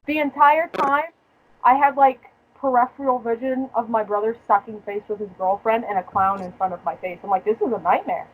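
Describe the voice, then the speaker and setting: A young woman chatting casually as a podcast host, her voice pitched a little high. She tells her story in a profane, joking way and breaks into laughter often. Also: normal speed, slight background noise, poor audio. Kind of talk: casual chat.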